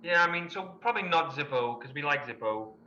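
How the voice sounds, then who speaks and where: An eager, stammering man playing a tabletop game, his high voice very bright and lively. He is heard in a roomy space on a dull mic with a faint hiss behind him. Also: brisk. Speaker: player. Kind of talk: casual tabletop game chat.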